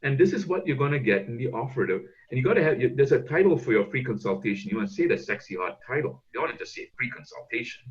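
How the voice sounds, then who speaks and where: A man's voice: mid-range voice, expressive, fast talker, few pauses, muffled recording. A man coaching on a video call as a speaker trainer, emphatic and repeating words to push his points.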